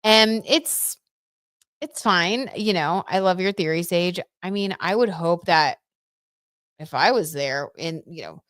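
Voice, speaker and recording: A young woman hosting a casual tarot livestream, chatty and animated, full of fillers and asides to her viewers. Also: lowish voice, slow pace, dry recording, studio quality. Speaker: tarot reader and livestream host.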